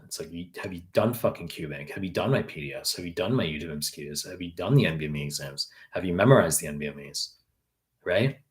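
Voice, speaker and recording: A man in his thirties from New York, a tutor answering viewer questions on a live stream in a blunt, profane way with many fillers. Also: fairly low pitch. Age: 30s. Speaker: exam prep tutor.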